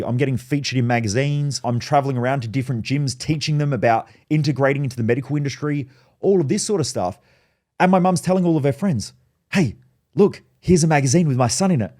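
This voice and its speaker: A man's voice: mid-range voice, a little mellow. A man giving a blunt, fired-up motivational talk as a mindset coach, swearing freely and telling personal stories. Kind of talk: motivational monologue.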